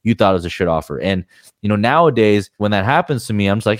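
A man's voice: on the low side, expressive, quick pace, dry recording, studio quality. A man talking as a guest on a podcast, frank and rambling, swearing casually as he explains his points.

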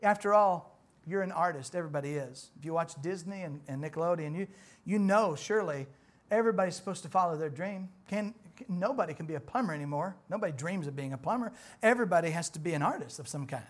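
A man, preaching a sermon in church in a folksy, conversational way that swells louder on emphatic points. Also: a little high, expressive, fast. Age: 40s. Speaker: pastor.

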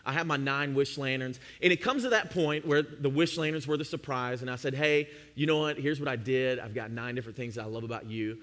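A young adult man preaching a sermon, telling a funny personal story and acting out his own past self with animated delivery. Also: medium pitch, brisk, few pauses. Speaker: pastor. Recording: long hall reverb.

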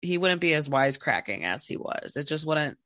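A woman's voice: sits low, sing-song, moderate pace, bright, forceful tone, dry recording, clean studio sound. A woman hosting a podcast interview, talking in a rambling, casual way with many fillers and restarts. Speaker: podcast host.

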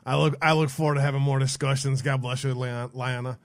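A man's voice: mid-range voice, steady tone, brisk, no room sound. A man co-hosting a podcast in casual chat, often repeating his words as he starts sentences. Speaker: podcast co-host.

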